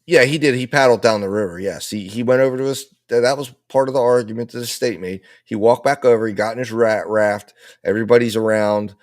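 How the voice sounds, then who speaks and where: A man's voice: medium pitch, brisk, dry recording, studio quality. A man commenting on a live trial, laying out and arguing with the other side's case in a repetitive, persuasive way. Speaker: legal commentator.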